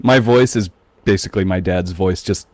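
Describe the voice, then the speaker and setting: An American man co-hosting a podcast, chatting casually and telling animated stories. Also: low-pitched, moderate pace, no room sound. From United States. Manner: animated storyteller, mimics voices loudly. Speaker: podcast co-host. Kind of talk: casual chat.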